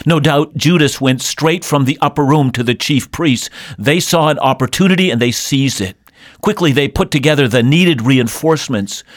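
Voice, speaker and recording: A man's voice: medium pitch, no echo, studio quality. A man preaching a sermon in an earnest, emphatic way. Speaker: pastor. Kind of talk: radio sermon.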